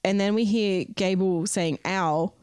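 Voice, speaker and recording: A woman's voice: on the low side, lively intonation, normal speed, a little mellow, no room sound, studio quality. A woman co-hosting a podcast, recounting a story in casual chat full of fillers. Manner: chatty, many fillers, recounting events. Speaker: podcast co-host. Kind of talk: casual true-crime storytelling.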